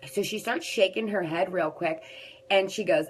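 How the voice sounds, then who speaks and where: A woman's voice: fairly low pitch, fairly quick, a little hiss or hum, rough recording. A woman vlogger telling a personal story straight to her viewers in a candid, rambling way.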